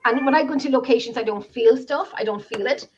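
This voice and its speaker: A woman's voice: high voice, fast talker. An Irish woman on a video call, telling a story in casual chat, emotional and rambling, with many restarts. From Ireland. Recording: dull lo-fi sound.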